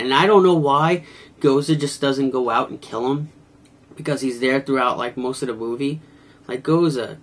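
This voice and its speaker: A man giving a casual video review of an old horror film, with a wry, mocking manner. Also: medium pitch. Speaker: movie reviewer.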